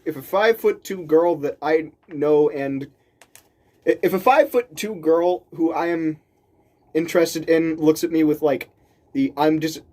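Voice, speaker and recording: A man telling a story casually, rambling and restarting sentences, laughing often and acting out the people he quotes. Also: a little high. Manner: animated, voices the people he quotes.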